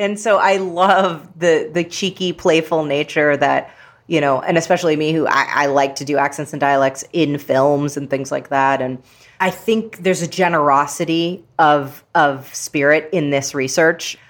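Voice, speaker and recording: A woman's voice: low voice, steady tone, normal speed. A woman guest, an actress and author, talking in a chatty, playful way with many fillers in a casual interview.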